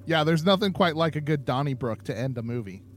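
A tipsy man chats loosely as co-host of a podcast, rambling and laughing along the way. His voice sits somewhat high for a man. Faint ambient noise hangs behind him. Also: expressive, fairly quick. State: tipsy from drinking. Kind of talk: casual chat.

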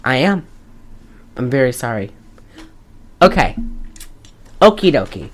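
A woman with an extremely low-pitched voice hosts a podcast, slowly and animatedly joking about a movie, swearing and breaking into laughter. The low-quality recording has a little hiss or hum.

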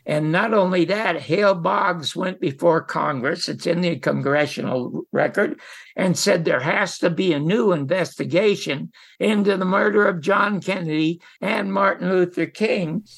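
An older man, a guest in an interview, telling lively anecdotes and acting out quoted lines. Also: sits high, unhurried, gravelly, husky. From United States. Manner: animated storyteller who acts out quotes. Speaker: guest storyteller.

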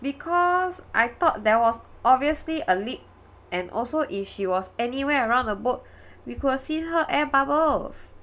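A woman's voice: high voice, lively intonation, normal speed, a bit bright, pitched above the performer's own voice. A woman playing an evasive man on the witness stand. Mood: defensive. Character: evasive young male defendant on the stand. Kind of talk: podcast courtroom reenactment.

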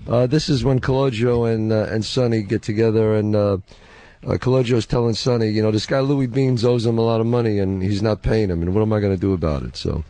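A man chatting casually and setting up a scene, coaxing and easygoing with halting fillers. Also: fairly low pitch, steady tone, warm tone, dry recording. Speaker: actor guest. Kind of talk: casual chat and scene setup.

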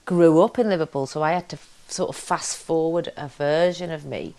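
A woman from Britain, an actor, giving an animated, expressive interview about her work and her upbringing. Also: sits low, moderate pace. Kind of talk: casual interview chat.

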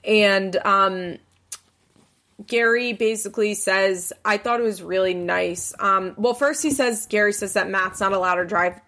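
Woman chatting thru a reality show recap, lots of fry in her voice, jumps way up high doing everyone's lines. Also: a little slow, sharp tone. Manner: chatty, swears, acts out quotes with big pitch jumps. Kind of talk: casual recap chat.

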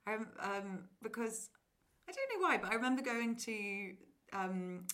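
A young woman guesting on a podcast in casual chat, giggly and lively as she tells stories. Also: fairly high pitch, measured pace.

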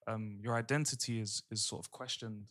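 Animated man telling a story. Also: lowish voice, fairly quick. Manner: animated storyteller, swears freely. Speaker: podcast co-host. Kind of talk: casual chat.

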